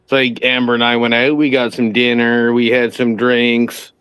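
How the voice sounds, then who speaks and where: A man's voice: medium pitch, little pitch movement, normal speed, fairly bright tone, clean tone, dry recording, rough recording. A man co-hosting a podcast, chatting in a laid-back, agreeable way. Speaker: podcast co-host. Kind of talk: casual chat.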